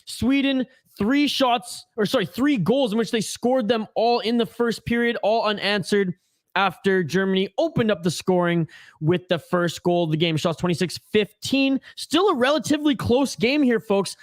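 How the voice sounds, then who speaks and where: A man's voice: high voice, normal speed, no echo, clean studio sound. A man hosting a hockey watch-along live stream, chatting and ranting casually with viewers. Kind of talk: casual live-stream chat and game commentary.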